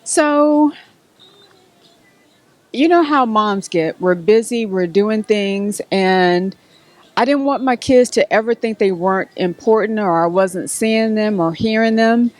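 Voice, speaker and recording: A woman's voice: mid-range voice, slow, no room sound. Storytelling middle-aged woman author. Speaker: author and guest. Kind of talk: casual interview answers.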